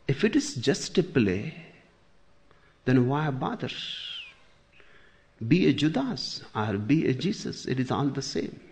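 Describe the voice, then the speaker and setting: A man giving a spiritual discourse, deliberate, pausing often, with sudden emphatic lines. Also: mid-range voice, very animated, darkish tone. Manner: slow, deliberate, with long pauses and sudden emphasis. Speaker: spiritual teacher.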